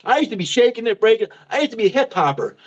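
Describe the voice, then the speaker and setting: High-voiced man in his fifties doing stand-up. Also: sing-song, very fast, lo-fi sound. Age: 50s. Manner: self-mocking, laughs at his own jokes. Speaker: stand-up comedian. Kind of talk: stand-up comedy set.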